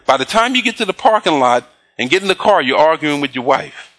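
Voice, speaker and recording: A man preaching a sermon, reading scripture slowly and pausing to prompt the congregation with call-and-response questions. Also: a little high, very animated, a bit bright. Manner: slow emphatic scripture reading. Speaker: pastor.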